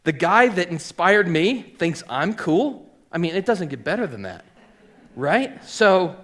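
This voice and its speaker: A middle-aged man who owns a hat shop, telling his personal story as an animated storyteller, acting out the voices of people he quotes and often saying um and like. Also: sits high, unhurried. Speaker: hat maker and shop owner.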